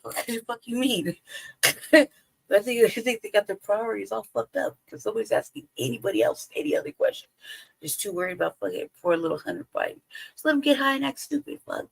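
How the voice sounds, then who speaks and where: A woman's voice: medium pitch, lively intonation, fairly quick, vocal fry, husky, dry recording, poor audio. A woman hosting a livestream, giving profane, sarcastic casual commentary full of laughter and rhetorical questions. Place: home livestream.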